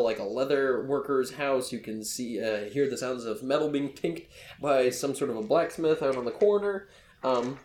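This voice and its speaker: A man's voice: mid-range voice, darkish tone. A man narrating as game master for a tabletop game, describing scenes in a loose, jokey way with many fillers. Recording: echoey room, faint background noise.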